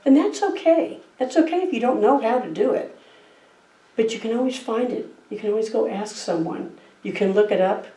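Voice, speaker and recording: Woman, middle-aged, conversational sermon, personal storytelling, warm mellow tone, reverberant church. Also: a little high, animated, moderate pace. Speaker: guest speaker. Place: church sanctuary. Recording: roomy distant church mic.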